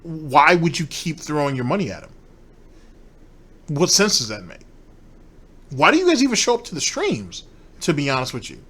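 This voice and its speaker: A man delivering a profane, scornful commentary rant. His voice sits fairly high for a man. He talks directly to an audience in an angry, contemptuous way. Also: wildly swooping pitch, normal speed, long pauses, fairly bright tone, breathy edge. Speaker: commentary streamer. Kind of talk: ranting commentary.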